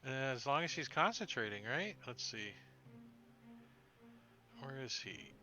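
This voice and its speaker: A man running a tabletop game as game master, acting out sound effects and shouted lines. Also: medium pitch, very animated, a little slow.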